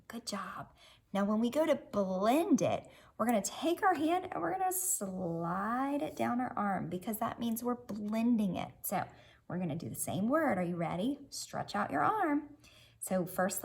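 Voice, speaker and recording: Gravelly, husky-voiced woman teaching phonics. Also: a little high, very animated, measured pace. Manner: cheerful, encouraging, sound-by-sound phonics prompts. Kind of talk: early reading lesson for children.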